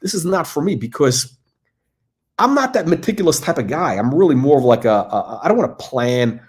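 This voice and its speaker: A man's voice: on the high side, very animated, a little fast. A middle-aged man hosting a casual livestream, talking in a rambling way with lots of fillers and restarts. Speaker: host.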